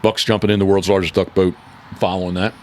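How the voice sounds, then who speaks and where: A man's voice: low-pitched, little pitch movement, fast, a little hiss or hum. A man hosting a casual podcast, rambling and correcting himself often as he talks. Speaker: podcast host and decoy carver.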